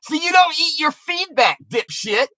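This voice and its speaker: A woman's voice: mid-range voice, very animated, normal speed, a bit bright, dry recording. A woman delivering an angry, profane, confrontational rant on her video channel, taunting the person she is addressing. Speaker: YouTuber.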